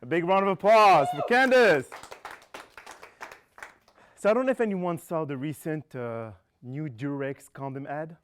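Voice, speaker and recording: A man hosting a comedy show, telling quick jokes and loosely rambling through announcements, laughing along. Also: a little high, a bit bright, slight background noise. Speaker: show host.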